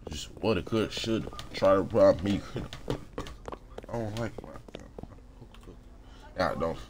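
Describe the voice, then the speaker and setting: A man's voice: low-pitched, measured pace, a little hiss or hum. A young man giving loose, profane, casual commentary while playing a game and talking to other players. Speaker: gaming streamer. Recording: loud gunfire from the game behind the voice. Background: game sounds and gunfire.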